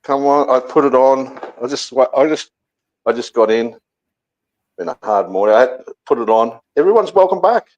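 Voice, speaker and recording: A man calling into a livestream over an echoey, tinny line, talking loudly, rambling and repeating himself. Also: medium pitch, animated, normal speed. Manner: loud, rambling, repetitive. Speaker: caller joining the stream. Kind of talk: casual call-in chat.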